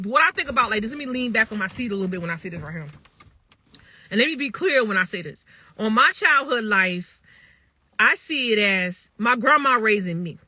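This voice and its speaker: A woman's voice: a little high, pushed and bright, dry recording. A woman in her thirties talking casually to viewers on a phone livestream, emphatic and repetitive, often checking in with her listeners. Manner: emphatic and repetitive, often asks "you know what I'm saying".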